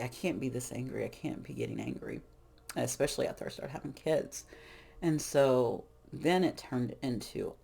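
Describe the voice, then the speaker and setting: A middle-aged woman talks through a tarot session in a loose, frank, rambling way. Her voice sits low with a gravelly, fried edge. She often breaks off and restarts her sentences. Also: a little mellow. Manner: rambling, frank, self-interrupting. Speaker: tarot reader. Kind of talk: casual spiritual talk.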